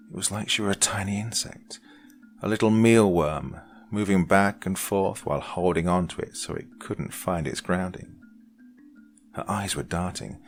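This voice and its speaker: Brief: man, extremely deep and gravelly voice, reading a horror tale dramatically over faint music. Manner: dark, dramatic reading, dropping to hushed lines. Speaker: horror podcast narrator. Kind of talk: scripted horror story narration.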